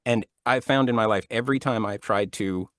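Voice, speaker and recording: Fairly quick and lowish, his voice is caught on a dry, clean studio recording in a home studio. The man, an actor and audiobook narrator in his thirties, tells animated stories as a guest in a casual interview chat, laughing often and restarting sentences.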